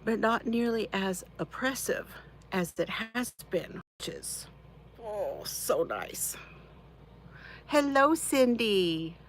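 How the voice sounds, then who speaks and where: Slow-talking woman chatting with viewers. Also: medium pitch, lively intonation, slight background noise, poor audio. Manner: chatty, warm greetings to viewers by name, frequent laughter. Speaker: crafting channel host. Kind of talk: casual live-stream chat with viewers. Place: home, seated in her chair.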